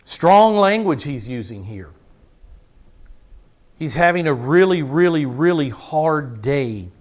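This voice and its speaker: Male pastor, high voice, emphatic sermon delivery, quizzes the congregation. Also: very animated, slow. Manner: emphatic, repeats words for stress, asks the congregation questions.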